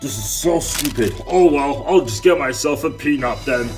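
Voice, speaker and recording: A man's voice: mid-range voice, animated, moderate pace, roomy sound, faint music behind. A man voicing a cartoon, talking in a whiny, exasperated way. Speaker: cartoon narrator and voice actor. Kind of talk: cartoon acting.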